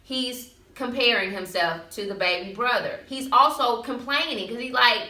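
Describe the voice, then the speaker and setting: A woman co-hosting a talk show, retelling a scripture story in a loose, slangy, lively way. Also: fairly high pitch, normal speed. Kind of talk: casual faith-segment storytelling. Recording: roomy, mic at a distance.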